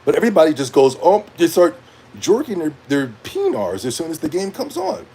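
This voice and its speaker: A young man in a casual rant to camera as a gaming commentator, animated and rambling, with slang and frequent laughs. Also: a little high, a little fast, a little hiss or hum.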